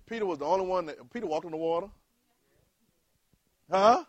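A male preacher, delivering a sermon in call-and-response style that rises to loud exhortation. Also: high voice, a little fast, muffled recording.

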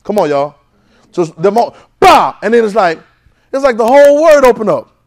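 A man preaching a sermon in call-and-response, swinging from loud urging to soft, hushed lines. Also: high-pitched, big pitch swings, moderate pace. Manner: swings from loud exhortation to soft near-whispers.

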